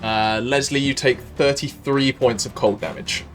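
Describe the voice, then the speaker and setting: A man's voice: mid-range voice, steady tone, unhurried, soft background music. A man with a Welsh accent narrating a tabletop game as dungeon master, descriptive and hesitant with frequent ums.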